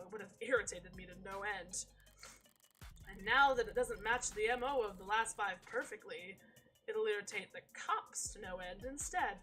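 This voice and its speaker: A streamer reading as a calm self-assured killer. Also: female voice, medium pitch, close to an everyday voice, low-quality recording. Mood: smug. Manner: calm, measured, wry and unbothered. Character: cool self-assured woman, a secret serial killer narrator. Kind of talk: reading a visual novel's narration aloud.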